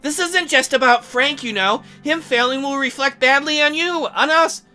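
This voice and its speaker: A man's voice: extremely high pitch, normal speed, sharp tone, faint music behind, voice pushed up, full character voice. A man voicing an anxious middle-aged wife and first lady who pleads about her son's future. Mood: worried.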